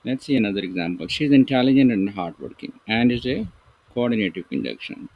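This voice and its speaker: Writing with a pen as he goes, a man teaches English grammar, reading out example sentences in a slow, deliberate way. His mid-range voice is slightly rough, and so is the recording.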